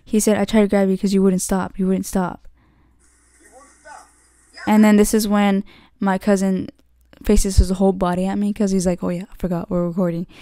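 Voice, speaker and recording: A young woman rambles through a story on her own podcast, leaning on "like" and starting sentences over. Her voice is mellow and soft-edged, and the recording is dry with no room sound. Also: mid-range voice, flat delivery, normal speed, long pauses, no echo. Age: young adult. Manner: rambling, full of "like" and "legit", many restarts. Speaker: podcast host. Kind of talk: casual storytelling monologue.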